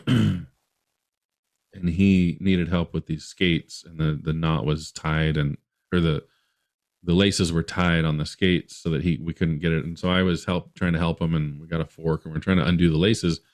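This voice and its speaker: A man's voice: sits low, steady tone, normal speed. A man from Utah, a podcast guest, telling a long story in a rambling way with many restarts.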